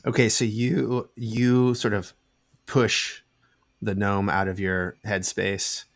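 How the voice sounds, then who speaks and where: Halting young game master. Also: male voice, fairly low pitch, little pitch movement, vocal fry. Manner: halting, repeats words, laughs often. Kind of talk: narrating a tabletop game.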